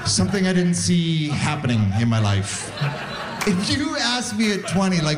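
A man in his forties from Canada, telling stand-up stories in a laid-back way with animated voiced asides. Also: on the high side, moderate pace, a crowd in the background, background noise. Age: 40s. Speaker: stand-up comedian. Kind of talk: stand-up comedy set. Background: audience laughter.

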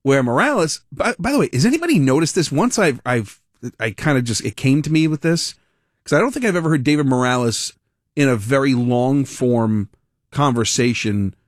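A man hosting a political talk radio show, giving animated, rambling, sarcastic commentary. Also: mid-range voice, moderate pace, no echo, studio quality.

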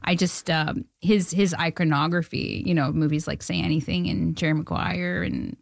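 Canadian woman, 30s, filmmaker guest, low-pitched, rambling and self-deprecating, dry studio sound. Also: steady tone, normal speed, vocal fry, no room sound. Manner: chatty, self-deprecating, giggly with many fillers. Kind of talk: casual interview chat.

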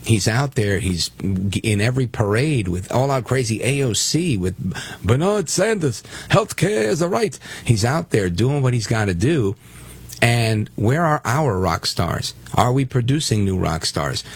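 A man's voice: on the low side, expressive, moderate pace, slightly rough. A man from Brooklyn guest-hosting a political talk radio show, speaking emphatically and taking callers. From Brooklyn, New York. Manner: emphatic, conversational, takes callers.

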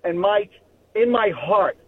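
New guy calling in, phone line sound, kinda high voice, stumbles over words. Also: lively intonation, husky. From New York. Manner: earnest, halting, repeats himself. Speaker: caller. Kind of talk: phone-in call.

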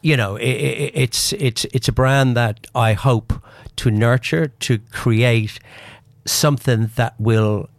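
A man's voice: mid-range voice, takes it slowly, vocal fry. Chatty man plugging his business on radio. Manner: chatty, restarts often, salesy. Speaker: business owner guest. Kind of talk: casual radio interview.

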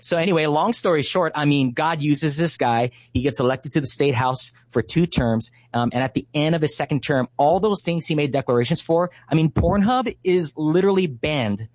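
A man's voice: fairly high pitch, moderate pace, hardly any pauses, a little mellow, dry recording. A man in his thirties from Hawaii, a guest in an interview, telling a story earnestly and passionately with lots of fillers. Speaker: guest, Christian activist.

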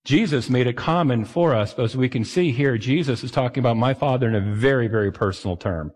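A man's voice: mid-range voice, a little fast, darkish tone, big-room sound. A man preaching a sermon as a pastor, talking to his listeners in a conversational way with self-deprecating asides.

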